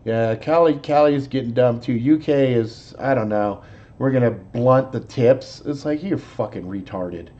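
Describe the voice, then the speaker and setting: A man's voice: mid-range voice, normal speed, warm tone, highs cut off. A man hosting a live show, chatting casually in a profane, rambling, laid-back way. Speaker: host. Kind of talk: casual chat, movie talk.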